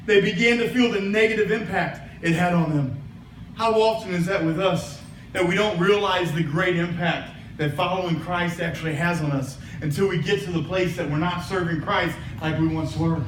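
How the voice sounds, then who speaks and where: A man's voice: sits high, moderate pace, fairly bright tone, echoey room, distant mic, slight background noise, low-quality recording. A man preaching a sermon as pastor, telling a story and building to emphatic preaching. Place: church sanctuary.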